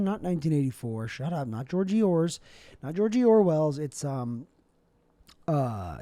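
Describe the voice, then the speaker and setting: Rambling deadpan young man, lively pitch. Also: dry recording. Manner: deadpan, rambling, absurd asides. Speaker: comedic vlogger. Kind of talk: rambling comedic monologue.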